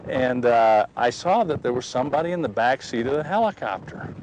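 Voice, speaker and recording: A man telling a personal story in a folksy, animated way, recorded outdoors. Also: medium pitch, brisk, muffled recording, a little hiss or hum. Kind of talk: personal testimony told outdoors.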